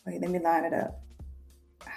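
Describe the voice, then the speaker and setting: A woman's voice: on the low side, monotone, normal speed, creaky, warm tone, husky, soft background music. A woman therapist from Florida, a guest in a casual interview on a video call, laid-back and easygoing.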